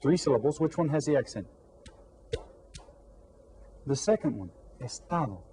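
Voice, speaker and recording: A man teaching a lesson to young pupils, repeating words slowly and clearly. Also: a little high, lively intonation, dark tone, slight background noise, low-quality recording. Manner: slow, drawn-out repetition of words. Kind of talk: classroom lesson to children.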